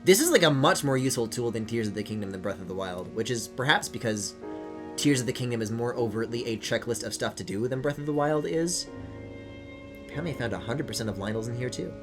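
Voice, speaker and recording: A man streaming a video game, chatting casually, rambling and swearing, with sudden excited squeals. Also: mid-range voice, fast. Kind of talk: casual live-stream commentary. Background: game music.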